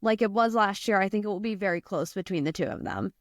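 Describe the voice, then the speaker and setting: A woman's voice: medium pitch, lively intonation, quick pace, dry recording, clean studio sound. An American woman hosting a casual podcast chat, teasing her co-hosts and laughing often. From United States. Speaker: podcast host.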